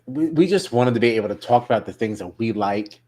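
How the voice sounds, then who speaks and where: A man's voice: mid-range voice, expressive, fairly quick, crowd noise. A man who co-hosts and produces a podcast, talking in a laid-back, self-deprecating way. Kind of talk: casual chat.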